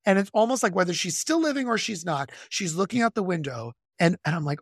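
A podcast co-host who works in music education, talking about a film in a gushing, animated way with quick asides. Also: mid-range voice, husky, no echo, clean studio sound. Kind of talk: casual film discussion.

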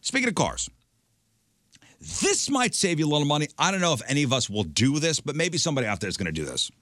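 A man's voice: a little high, very animated, fast, a bit bright, no room sound, studio quality. A man co-hosting a casual talk show who reads out news items in a matter-of-fact way. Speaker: radio show co-host reading news items.

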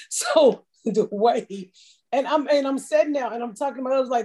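Woman, middle-aged, from the US, husky, mellow voice, blunt profane storyteller. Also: high-pitched, expressive, brisk. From United States. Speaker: podcast guest. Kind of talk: casual chat.

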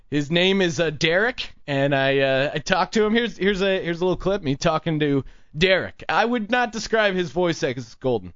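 A man with a high, sharp voice riffs and mocks as a comedic podcast host, laughing often. His voice has a bright, forceful edge. The recording sounds dull and lo-fi. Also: lively intonation, moderate pace, clear, resonant tone. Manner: mocking, riffing, laughs often. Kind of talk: casual comedic commentary.

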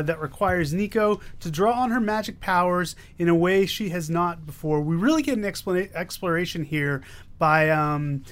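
A man hosting a podcast, introducing new comics with playful, teasing banter. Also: on the high side. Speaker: podcast host. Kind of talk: casual comic review chat.

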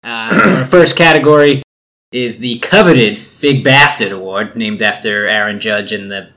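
A man's voice: lowish voice, moderate pace, pushed and bright. A man co-hosting a casual sports podcast, talking in a laid-back, rambling way with lots of fillers. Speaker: podcast co-host.

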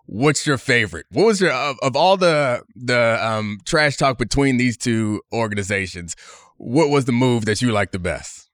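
A man hosting a sports podcast in a relaxed, laid-back way. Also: mid-range voice, normal speed, dry recording, clean studio sound. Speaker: podcast host. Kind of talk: casual podcast chat.

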